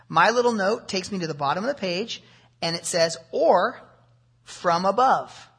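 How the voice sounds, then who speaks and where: A man's voice: high-pitched, breathy edge. A man preaching an expository sermon, explaining a passage verse by verse and asking rhetorical questions. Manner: animated, with rhetorical questions and asides.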